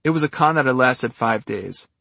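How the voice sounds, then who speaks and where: A man reading his memoir aloud with a wry, dry humor. His voice has a husky grain, and the booth recording sounds close and dead, with no room around it. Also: medium pitch, lively intonation, normal speed, bright, forceful tone, no echo. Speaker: memoir narrator. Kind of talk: audiobook memoir narration.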